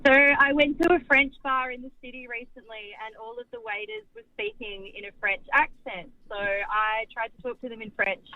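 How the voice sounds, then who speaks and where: A woman's voice: on the high side, animated, moderate pace, muffled recording. A woman calling in to a radio show, chatty and giggling as she tells a story. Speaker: caller. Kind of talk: phone-in anecdote.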